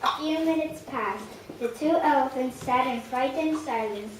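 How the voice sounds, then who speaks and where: A woman's voice: high-pitched, a little slow. Woman narrating a storybook in an echoey room. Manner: expressive read-aloud storytelling. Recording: echoey room, distant mic, faint hiss.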